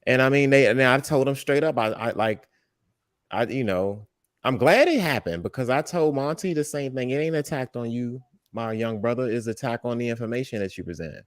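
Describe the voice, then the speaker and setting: A man co-hosting a casual, heated chat, getting animated and breaking into loud outbursts when he quotes others. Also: mid-range voice, fairly quick, no echo, clean studio sound. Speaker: podcast co-host.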